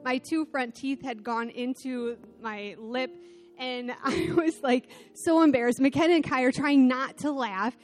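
A middle-aged woman preaching a sermon in church, telling a self-deprecating personal story with animated delivery. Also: high-pitched, measured pace, faint music behind. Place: church sanctuary.

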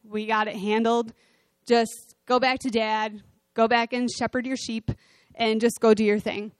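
A woman's voice: fairly high pitch, little pitch movement, a little slow, no echo, lightly acted. A woman voicing condescending older brothers brushing off their younger sibling. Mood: dismissive. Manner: dismissive.

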